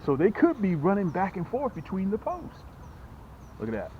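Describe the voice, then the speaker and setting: A man hosting a fishing vlog from a boat outdoors, chatty and excited, talking straight to his viewers. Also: high-pitched, moderate pace. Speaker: fishing channel host. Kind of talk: casual fishing vlog commentary. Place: on a small boat outdoors on a lake. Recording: dull lo-fi outdoor audio with faint noise.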